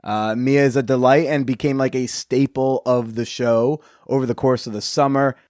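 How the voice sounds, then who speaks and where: A man's voice: mid-range voice, steady tone, normal speed, darkish tone, dry recording, clean studio sound. A man hosting a podcast, reading sponsor ads and joking in a rambling, sarcastic way. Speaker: podcast host. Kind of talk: casual podcast chat with ad reads.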